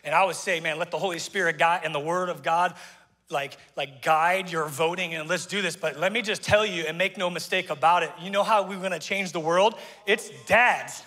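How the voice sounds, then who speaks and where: An excitable male pastor preaching in a high, bright voice, folksy and a bit out of breath. He stumbles and doubles back on his words as he goes. The sound carries a long reverb from a church sanctuary. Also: normal speed. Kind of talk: energetic sermon.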